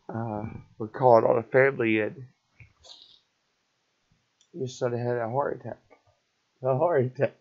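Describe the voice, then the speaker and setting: A middle-aged man telling an emotional personal story in a halting, repetitive, raw way. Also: mid-range voice. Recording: dull lo-fi recording.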